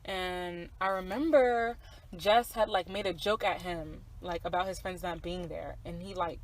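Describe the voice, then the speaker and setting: A woman's voice: fairly low pitch, fairly even intonation, unhurried, low-quality recording. A woman in her twenties, co-hosting a podcast and telling a personal story in casual chat, candid and profane, with many fillers and asides to her listeners. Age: 20s. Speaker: podcast co-host.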